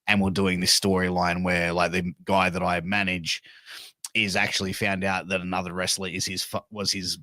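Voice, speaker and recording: A middle-aged man with an Australian accent talks bluntly and swears freely as he rambles through backstage stories. His voice sits low, and the sound is dry and close to the mic, with no room around it. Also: level tone, moderate pace, bright, forceful tone, no echo. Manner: blunt, profane, rambling storyteller. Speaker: podcast guest, wrestling manager. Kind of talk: casual interview chat.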